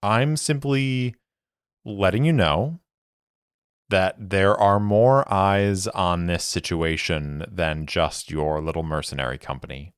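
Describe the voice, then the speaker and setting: A man voicing a cryptic woman spy from a secret order, calm, measured and faintly teasing. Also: low voice, clean tone, no echo, studio quality. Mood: cool, cryptic.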